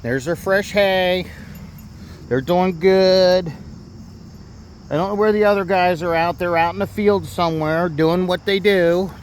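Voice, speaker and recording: A man's voice: sits high, a little hiss or hum. A middle-aged man vlogging from his farm outdoors on a handheld phone, talking earnestly and defensively to his viewers with plenty of fillers. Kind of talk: casual vlog talk to viewers.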